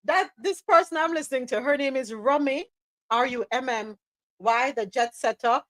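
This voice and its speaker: A woman with a Caribbean accent hosting a live talk show, chatting in a lively way, laughing often and slipping into patois. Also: high voice, moderate pace, no echo. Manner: animated, laughing, slips into patois. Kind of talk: casual chat.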